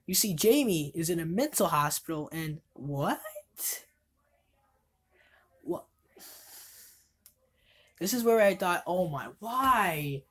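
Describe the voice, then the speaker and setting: Husky-voiced woman ranting about movies. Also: on the low side, a little mellow. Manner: rambling, exasperated, swears freely. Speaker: horror movie reviewer. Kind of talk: casual spoken movie review.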